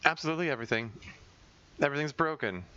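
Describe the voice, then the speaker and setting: A man's voice: on the high side, expressive, rapid-fire, pushed and bright, clear, resonant tone, lo-fi sound, voice pushed up. A man voicing a desperate, sardonic teenage girl who leads a club, talking in a bitter, rambling, self-mocking way.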